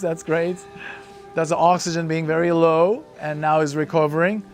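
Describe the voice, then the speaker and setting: A man's voice: a little high, fairly even intonation, normal speed, faint music behind. A man coaching a breath-hold session, encouraging the group and calling out hold times.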